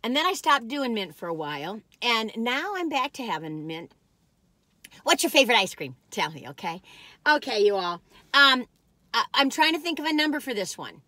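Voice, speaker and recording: A woman vlogger with a slightly high, pushed, bright voice chats very animatedly at normal speed, reviewing cookies from a parked car. Her talk is folksy and rambling, often drifting off topic, with no echo.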